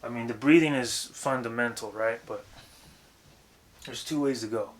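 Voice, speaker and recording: A young man giving a casual, profane, rambling lesson on vocal technique, breaking into loud demonstrations. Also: medium pitch, moderate pace. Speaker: vocal coach.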